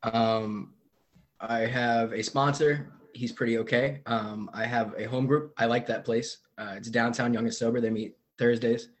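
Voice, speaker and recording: A young man tells his recovery story over a video call. He talks in a candid, rambling way, full of fillers and side comments, in a voice of ordinary middle pitch. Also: steady tone, a little slow. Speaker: AA meeting member sharing. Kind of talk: personal recovery share.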